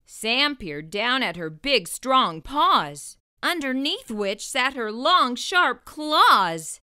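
A woman narrating a rhyming children's picture book at a slow, careful pace, her voice bright and full of lift. The sound is close and dry, with no room around it. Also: fairly high pitch, very animated, clean tone, no room sound. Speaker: storyteller. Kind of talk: children's storybook read-aloud.

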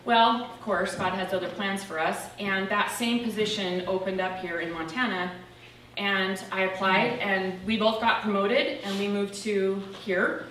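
A woman's voice: medium pitch, steady tone, unhurried, fairly bright tone. A woman giving a chatty, lighthearted personal testimony to a church. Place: church sanctuary. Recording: echoey church room, from far off, faint noise.

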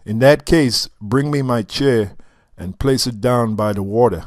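A man's voice: medium pitch, a little mellow, dry recording, clean studio sound, close to an everyday voice. A man voicing a proud king. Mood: calm. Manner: slow, emphatic royal proclamation. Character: proud old male king commanding the sea.

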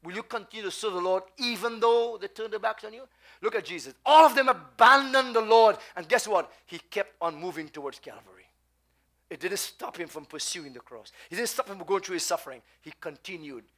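Trinidadian male pastor, high voice, preaching style, keeps quizzing the congregation. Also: brisk, fairly bright tone. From Trinidad and Tobago. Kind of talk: sermon.

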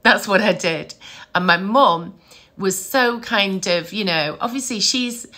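A middle-aged woman tells stories to camera in a casual, lively way. Her voice is bright and clear. She laughs easily and keeps a warm, chatty rhythm. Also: medium pitch, measured pace. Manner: chatty, animated, laughs often. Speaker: psychic medium.

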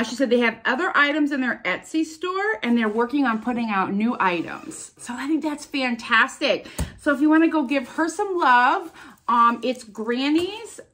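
A woman in her fifties chatting excitedly as a vlogger opening viewer mail, sounding stuffed up from sinus trouble. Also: high-pitched, a little hiss or hum. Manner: bubbly, gushing, chatty. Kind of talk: casual chat.

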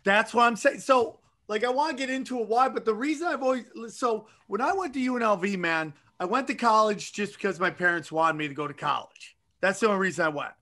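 A man's voice: sits high, fast, few pauses. A middle-aged man, a podcast host and comedian, telling rambling, profane stories in casual chat. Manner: profane, animated storytelling. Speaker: podcast host and stand-up comic.

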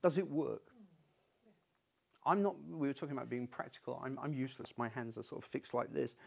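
A man's voice: mid-range voice, a little fast, creaky. A man giving a university lecture in a conversational, unscripted way, often restarting his sentences. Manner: conversational, stubborn-toned, frequent restarts.

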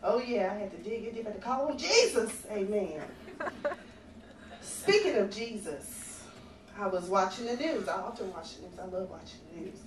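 A woman's voice: mid-range voice, expressive, moderate pace. A woman doing a stand-up comedy routine in a comedy club, sassy and conversational as she teases the audience. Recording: echoey, far-off club recording with faint ambient noise.

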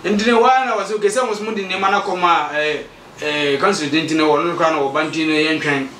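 Ghanaian man, lively storyteller, slightly high voice, distant mic. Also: fast talker, slight background noise. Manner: animated storytelling, acts out quoted exchanges. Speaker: community association member. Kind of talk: recounting events, mixing Twi and English. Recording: echoey room, mic far off.

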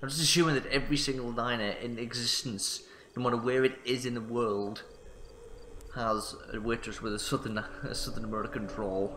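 A man's voice: mid-range voice, fairly even intonation, fairly quick, a bit bright, slight background noise. Jokey man commentating a game. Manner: jokey, self-mocking, laughing at the story. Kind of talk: let's play commentary. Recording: roomy sound with faint music.

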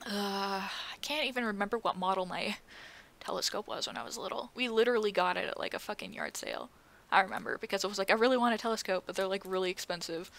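A woman giggling and chatting excitedly to herself while playing in virtual reality, sometimes sinking to a whisper. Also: medium pitch, fast, vocal fry, slight background noise. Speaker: VRChat streamer. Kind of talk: casual vlog commentary. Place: playing in a VR social app at home.

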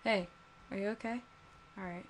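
A woman's voice: medium pitch, steady tone, normal speed, slight background noise. A woman playing a horror game and reacting aloud, jumpy and frightened, talking to what she sees. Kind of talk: let's play commentary. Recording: loud game music behind.

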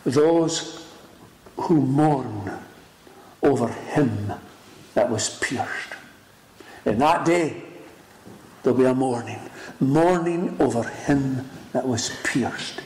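A man preaching a sermon in an emphatic, dramatic style, swinging between loud rises and hushed lines. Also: medium pitch, extremely slow, pauses often. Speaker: pastor. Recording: echoey room with faint noise.

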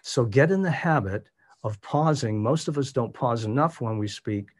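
Man, voice coach, instructional talk, measured and demonstrative, mid-pitched voice, video call. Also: animated. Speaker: voice coach leading a workshop. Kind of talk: instructional presentation.

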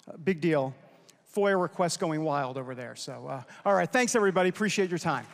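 High-voiced moderator from New York. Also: male voice, lively intonation, brisk, gravelly. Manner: chatty, loose, many fillers. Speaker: panel moderator and show host. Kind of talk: casual anecdote and wrap-up announcements. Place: conference hall stage. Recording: long hall reverb.

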